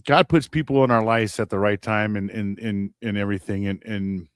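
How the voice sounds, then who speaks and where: A man's voice: fairly low pitch, steady tone, normal speed, clean tone, no room sound, studio quality. A man from the Los Angeles area co-hosting a podcast, reflecting in a casual, conversational way and checking in with his listener. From Los Angeles County. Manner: reflective, conversational, leans on "you know what I mean". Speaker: podcast co-host. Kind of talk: casual chat.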